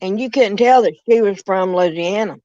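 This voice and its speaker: A woman's voice: medium pitch, normal speed, dark tone, dry recording. A woman with a Southern US accent in a casual chat, drawling and calling people honey and darling. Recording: dry, muffled lo-fi sound.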